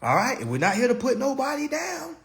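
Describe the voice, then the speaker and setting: A man's voice: very high-pitched, wildly swooping pitch, brisk, vocal fry, a bit bright. A man ranting to viewers on a live stream, preachy and profane, firing off rhetorical questions. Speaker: online personal finance commentator.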